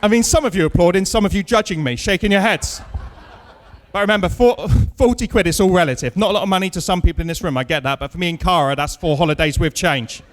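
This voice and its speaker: Quick and high-voiced, a man in his thirties works a comedy club stage, mixing crowd chat with dry, self-mocking anecdotes that build to punchlines.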